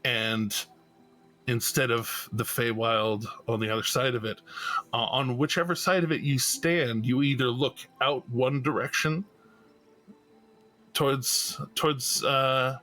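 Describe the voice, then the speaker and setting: A man narrating as game master of a tabletop game, halting and restarting often. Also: mid-range voice, fairly even intonation, bright, forceful tone, soft background music, rough recording. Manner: slow, halting narration with many fillers and restarts.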